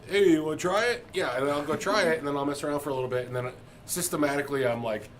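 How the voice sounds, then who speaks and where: A man's voice: mid-range voice, steady tone, racing, a bit bright. Guy cohosting a chill podcast, rambly and jokey, medium voice, bit of background hiss. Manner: joking, rambling, laughs often. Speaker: co-host. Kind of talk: casual chat.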